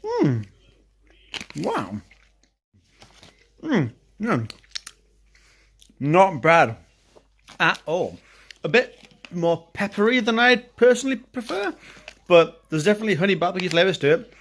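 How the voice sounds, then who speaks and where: A young man chats through his daily vlog, thinking aloud in a relaxed, self-deprecating way. His voice sits a little higher than most men's. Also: unhurried, pauses often, slight background noise. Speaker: vlogger. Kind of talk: casual vlog narration.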